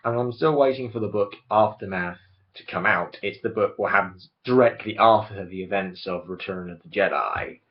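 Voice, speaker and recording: With a lowish voice and moderate pace, a young male vlogger casually rambles on camera about a film franchise, full of opinions. He often stops mid-sentence to restart, and the recording is dull and lo-fi.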